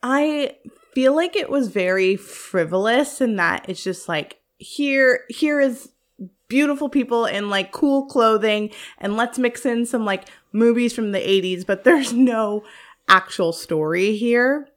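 A woman's voice: fairly high pitch, a little slow. Chatty, giggly woman podcast co-host. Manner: chatty and giggly, many "like" fillers. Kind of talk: casual chat.

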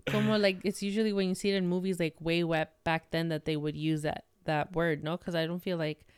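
A woman's voice: fairly low pitch, level tone, a little fast, darkish tone, clear, resonant tone, dry recording. A woman, chatting easily with friends, slipping in Spanish words. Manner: easygoing, uses Spanish words. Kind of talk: casual chat.

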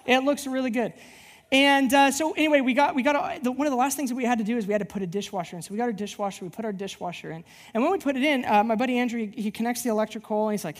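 A very high, rapid-fire voice belongs to a church-plant pastor delivering a sermon. He recounts a personal story animatedly, wandering and restarting often, with long hall reverb in the recording.

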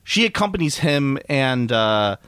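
Animated man chatting about movies. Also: medium pitch, measured pace, smooth, no room sound, studio quality. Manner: animated, laughs often, breaks into mock voices. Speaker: podcast co-host. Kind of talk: casual movie review chat.

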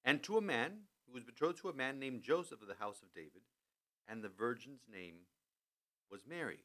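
A man hosting a podcast in a studio, talking through a scripture passage in a relaxed, chatty way with many restarts. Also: medium pitch, fairly quick. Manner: animated, lots of restarts and "you know". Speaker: podcast host. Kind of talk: conversational scripture commentary. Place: studio in a building with thin walls.

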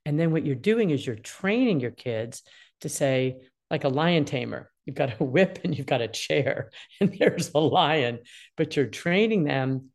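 A woman's voice: sits low, measured pace. A woman in her sixties talking casually as a guest, giving parenting advice and acting out what children feel. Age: 60s. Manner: expressive, acts out children's voices in quotes.

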